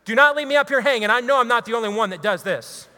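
A high, bright-toned man delivers a fervent talk to a live audience, pressing his points like a preacher. His voice rings out with a long reverb that trails each line. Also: animated, fast. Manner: preachy, emphatic, builds to loud exhortations. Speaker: radio talk show host giving a talk. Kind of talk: impassioned speech to a live audience.

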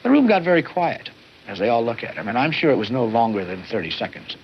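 A man recalls decisions slowly, with pauses and hesitations, in a documentary interview. The archive audio is muffled and carries a light background hiss. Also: mid-range voice, sing-song. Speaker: former official interviewee.

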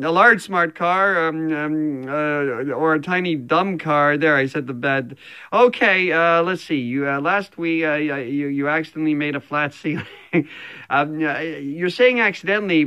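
A man's voice: fairly high pitch, pushed and bright. Rambling, stammering comic man. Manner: rambling, self-deprecating, full of stammers and restarts. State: sweaty after a run. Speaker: comedian recording a personal video message. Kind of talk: rambling improvised comic message.

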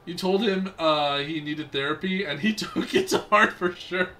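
A man streaming a game, chatting casually with viewers, excitable and laughing often. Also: high-pitched, normal speed. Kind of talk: casual gameplay commentary.

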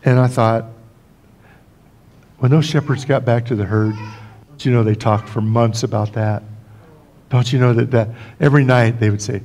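Gravelly older pastor telling a homey story. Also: male voice, mid-range voice, steady tone, normal speed, pauses often, darkish tone, slight background noise. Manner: folksy, joking asides, frequent restarts. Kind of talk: storytelling sermon. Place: church sanctuary.

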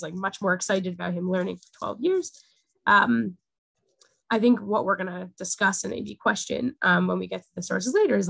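Young woman teaching, slightly gravelly voice. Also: medium pitch, a bit bright, dry recording, rough recording. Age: young adult. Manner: conversational, many "um" and "like" fillers. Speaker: teacher of a Torah portion class. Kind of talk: casual classroom teaching.

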